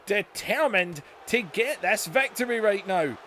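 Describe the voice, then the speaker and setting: Man, very high voice, slow excitable game play-by-play with shouts. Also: a little hiss or hum. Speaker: YouTube gaming host. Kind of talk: excited wrestling play-by-play over a video game.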